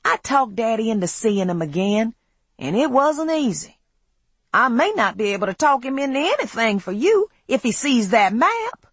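A woman's voice: on the high side, very animated, normal speed, breathy edge, no echo, pitched above the performer's own voice. A woman voicing a moody, controlling young man in an audiobook, speaking in a tense, clipped way. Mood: pleading. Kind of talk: audiobook character voice.

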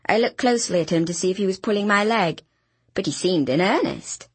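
A woman reading an audiobook in a brisk, wry storytelling manner, with a husky voice. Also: medium pitch, dry recording. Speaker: audiobook narrator. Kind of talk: scripted narration.

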